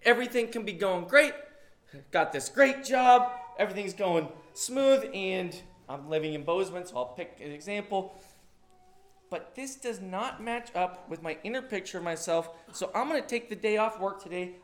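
A man, a pastor, preaching a sermon in a conversational way, with sudden loud emphasis on key words. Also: high voice, expressive, normal speed.

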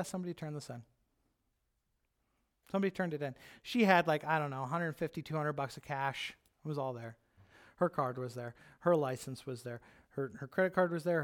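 A man preaching, telling a personal story in an animated, chatty way, with lots of "like" and "right?". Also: a little high. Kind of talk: storytelling sermon.

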